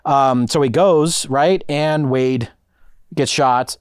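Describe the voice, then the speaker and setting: A man co-hosting a casual podcast who talks in an animated way, swears freely and acts out scenes as he tells them. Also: mid-range voice, slow, clear, resonant tone, no room sound, clean studio sound. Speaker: podcast co-host.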